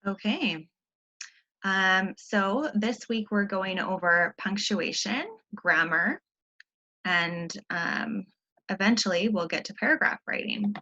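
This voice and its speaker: A woman's voice: medium pitch, slow, sharp tone, lo-fi sound. A woman teacher giving a recorded online grammar lesson, explaining patiently step by step with frequent ums.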